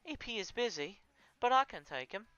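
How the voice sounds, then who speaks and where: A man voicing a kind, hulking warrior woman with a Southern US accent and a gentle, soothing manner. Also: sits high, sing-song, moderate pace, smooth, no echo, highs cut off, pitched above the performer's own voice, exaggerated voice. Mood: friendly.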